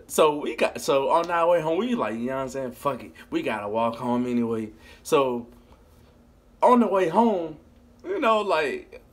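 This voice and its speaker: A man telling a funny story about his youth in a casual, animated, profane way, laughing as he goes. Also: a little high. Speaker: vlogger.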